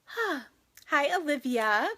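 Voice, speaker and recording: A woman chats casually to her livestream viewers from her craft room at home. Her voice is bright and forward, with sing-song greetings. She talks loosely, full of fillers and restarts. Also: high-pitched, lively intonation, slow pace.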